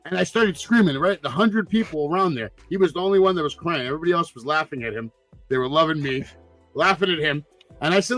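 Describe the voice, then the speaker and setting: A slightly high-pitched man, swearing freely and building his stories into loud, worked-up rants. His voice is dry and close, with faint music underneath. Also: fast talker, no echo. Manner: loud, profane storyteller, gets excited and shouty. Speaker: podcast co-host. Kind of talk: casual chat.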